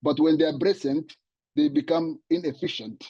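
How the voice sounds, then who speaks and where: A man speaking on a conference panel, halting with many fillers and repeated words. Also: on the high side, steady tone, warm tone, breathy edge, no room sound, highs cut off. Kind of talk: conference talk.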